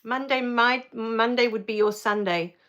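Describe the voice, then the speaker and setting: Middle-aged female streamer, casual and tearful, slightly high-pitched, reads chat aloud. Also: unhurried. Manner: chatty and emotional, easily moved to tears; relaxed with frequent fillers. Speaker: live stream host. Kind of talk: casual live stream chat reading viewer comments.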